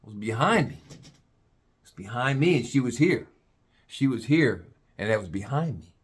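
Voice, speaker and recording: A man's voice: mid-range voice, slightly rough. Guy telling a funny story, voice going up and down all over. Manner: animated, drawn-out comic buildup. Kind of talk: comic storytelling.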